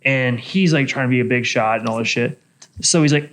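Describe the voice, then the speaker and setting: A man, a bartender, telling a bar story in casual chat, profane and animated. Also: mid-range voice, fairly quick. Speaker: bartender and podcast co-host.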